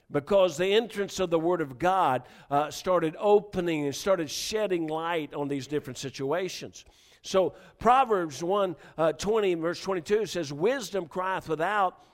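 Preaching a sermon in a high voice, this middle-aged man frequently restarts his words. He moves back and forth between hushed storytelling and loud, urgent exhortation.

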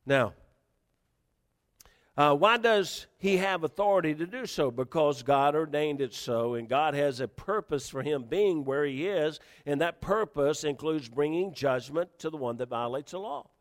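A man pastor delivers a sermon with animated, emphatic preaching, often repeating himself and rising into questions. His voice sits high for a man. The sound carries a long reverb from a large hall. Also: measured pace.

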